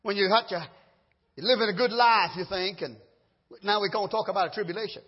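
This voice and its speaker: A man preaching a sermon with fervor, swinging from low murmurs to loud high cries and stumbling over his words as he restarts. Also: quick pace, breathy edge. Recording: dull sound with long hall reverb.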